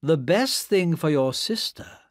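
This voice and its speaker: A calm, cool-headed Englishman, as a man reading the story puts him on, speaking smoothly and without hurry. The sound is dry and close, and the pitch moves a lot. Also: a little slow, no echo. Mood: cold.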